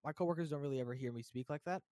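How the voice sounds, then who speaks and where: A man's voice: fairly high pitch, racing, no room sound, clean studio sound. A young man from the United States chatting casually, rambling with lots of fillers. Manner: relaxed, rambling, many fillers. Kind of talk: casual chat.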